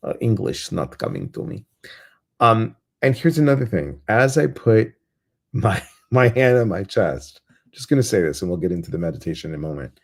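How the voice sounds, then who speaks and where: Low gravelly-voiced man hosting meditation. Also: expressive. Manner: chatty, reads viewer comments aloud, laughs easily; slow soothing guidance. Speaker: meditation host. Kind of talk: live guided meditation with chat.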